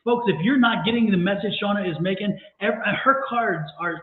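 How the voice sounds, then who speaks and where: A man co-hosts a live tarot reading, joking and teasing his partner. His fairly high voice comes through a narrow, phone-like line with an echoey room around it. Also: fairly quick. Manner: playful teasing banter. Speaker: tarot reader and co-host.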